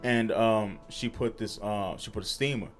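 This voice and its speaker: A man's voice: on the low side, steady tone, normal speed, faint music behind. A man from New York co-hosting a podcast, telling stories in casual chat, swearing freely and laughing through them. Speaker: podcast co-host.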